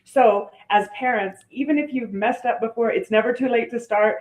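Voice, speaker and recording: A woman's voice: a little high, moderate pace, darkish tone, roomy sound, poor audio. An older woman, a grandmother, giving earnest advice as a podcast guest. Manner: earnest, advising. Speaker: guest author and performance coach. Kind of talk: casual podcast conversation.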